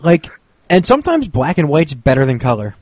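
A man's voice: fairly high pitch, wildly swooping pitch, brisk, a little mellow. Man bantering with stammering restarts. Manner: rambling, joking, stammering restarts. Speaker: podcast co-host. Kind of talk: casual banter.

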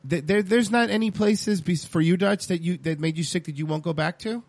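A man co-hosting a podcast, chatting casually in an animated, jokey, profane way. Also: high voice, brisk, no echo. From Hispanic background. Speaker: podcast co-host. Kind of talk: casual chat.

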